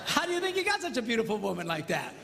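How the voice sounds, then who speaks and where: On stage before a live audience, a middle-aged man delivers a comedic marriage seminar, animatedly performing voices and sound effects within his stories. His pitch is extremely high, his delivery rapid-fire and creaky. The hall is reverberant, with faint noise.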